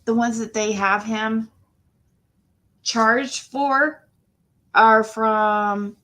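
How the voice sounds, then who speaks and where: A woman's voice: on the high side, steady tone, extremely slow, sharp tone. A woman hosting a casual livestream, greeting viewers and talking in a rambling way, often trailing off and restarting her sentences. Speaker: livestream host.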